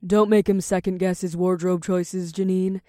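A man voicing a sultry, teasing female witch who purrs her lines slowly. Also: high-pitched, little pitch movement, mellow, no room sound, clean studio sound, pitched above the performer's own voice, lightly acted. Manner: slow, purring, flirtatious.

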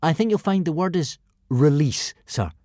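A man's voice: fairly high pitch, animated, moderate pace, darkish tone, no echo, clean studio sound, pitched above the performer's own voice, lightly acted. A man voicing a polite, nervous young boy hero in an audiobook. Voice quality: polite, careful. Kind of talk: audiobook character voice.

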